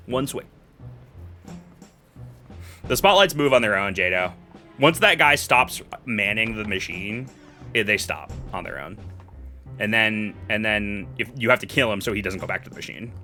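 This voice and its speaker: A young adult man streaming a game live, chatting with his chat and swinging between quiet muttering and loud yelling. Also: on the low side, animated, moderate pace, long pauses, soft background music. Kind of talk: live gameplay commentary.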